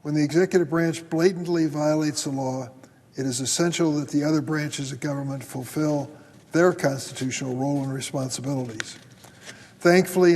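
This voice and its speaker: An older man speaks from the floor of a large chamber, slow and stern, each point weighed out in a husky voice pitched a touch high. A long reverb trails his words through the hall. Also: darkish tone. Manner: measured, deliberate, stern delivery. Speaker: senator. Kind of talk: formal floor speech.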